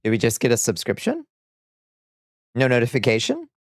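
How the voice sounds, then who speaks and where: A man's voice: mid-range voice, huge pitch swings, moderate pace, slight background noise. A man streaming live, chatting casually with viewers, reading out chat and laughing often.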